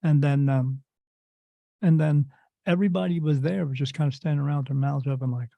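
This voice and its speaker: Gravelly man telling a story. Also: fairly high pitch, steady tone, fairly quick, no echo. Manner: rambling, repeats "I said" before quotes. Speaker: psychic medium, interview guest. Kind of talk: casual anecdotal storytelling. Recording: dull lo-fi dry recording.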